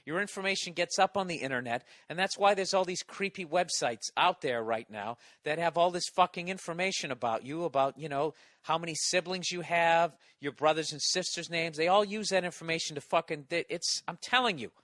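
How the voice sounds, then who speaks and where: Bright-voiced man ranting profanely. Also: a little high, a little fast, few pauses, no room sound, studio quality. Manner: profane, exasperated ranting with restarts. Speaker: podcast host. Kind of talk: comedic rant monologue. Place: Los Angeles.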